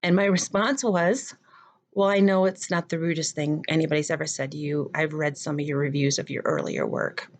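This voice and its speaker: A middle-aged woman with a fairly low voice tells a personal story as a theater professor. She acts out every exchange and lets her pitch leap up when she quotes others. Her delivery is animated and conversational. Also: moderate pace. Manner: animated retelling, acting out dialogue with pitch jumps.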